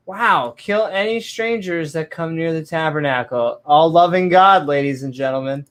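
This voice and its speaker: A woman's voice: low-pitched, moderate pace, hardly any pauses. A woman co-hosting a comedy podcast, teasing and joking in casual banter. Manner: playful, teasing, joking asides. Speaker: podcast co-host.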